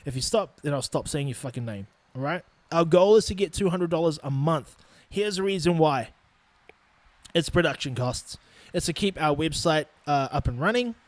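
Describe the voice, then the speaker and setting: A man's voice: fairly high pitch, lively intonation, moderate pace, dry recording. A man in his twenties with a New Zealand accent, hosting a solo podcast and ranting bluntly with lots of swearing. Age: 20s. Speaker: podcast host. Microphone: studio microphone.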